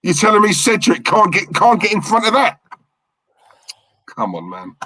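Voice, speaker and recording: Bright-voiced chatty football fan. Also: male voice, sits high, moderate pace, no echo. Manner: chatty, thanks viewers in the chat, excitable at the match. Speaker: fan channel co-host. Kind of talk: live football watch-along chat.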